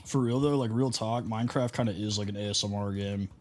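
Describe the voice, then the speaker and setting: A man's voice: fairly low pitch, fairly even intonation, fast, a little mellow, a little hiss or hum. A man streaming a video game, telling stories and greeting viewers in a loose, rambling way, with lots of "like". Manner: rambling storytelling full of "like" and asides to chat. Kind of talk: casual live-stream chat while gaming.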